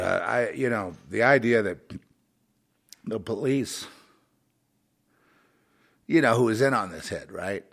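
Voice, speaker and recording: A very low-voiced man rambles through an emotional monologue, restarting his sentences and padding them with fillers. He swings from raised, fired-up lines to low mutters.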